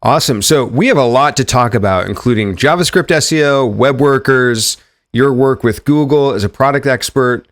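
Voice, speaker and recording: A man's voice: medium pitch, normal speed, dry recording. Upbeat male podcast host, dry sound. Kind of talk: podcast interview hosting.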